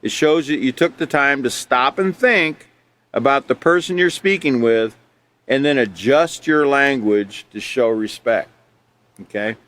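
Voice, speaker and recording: A man from Alaska teaching a character education class, reading from a textbook and explaining it in a relaxed, conversational way with frequent fillers. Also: mid-range voice, a little slow. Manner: relaxed and conversational, many fillers, laughs between points.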